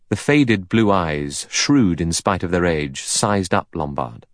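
A man reading a novel aloud in expressive scripted narration. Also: low voice, slow, dry recording, studio quality. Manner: expressive, varied delivery. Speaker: audiobook narrator.

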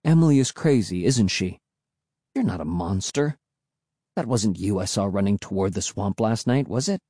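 A man voicing an excitable child who cries out insistently for a dog. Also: on the low side, moderate pace, breathy edge, no room sound, clean studio sound, pitched below the performer's own voice. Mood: hushed. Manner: insistent, crying out. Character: excitable kid defending a pet dog.

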